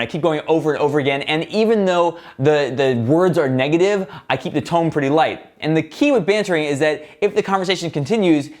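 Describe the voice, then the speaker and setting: A young man hosting a self-help video, talking casually to the camera and explaining with relaxed fillers and self-deprecating asides. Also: on the high side.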